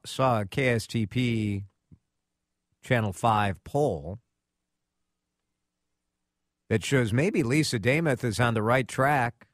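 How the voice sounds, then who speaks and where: Lively radio host, dry sound. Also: male voice, medium pitch, dry recording. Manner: lively, chatty, laughs easily. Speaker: radio talk show host. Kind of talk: casual radio talk.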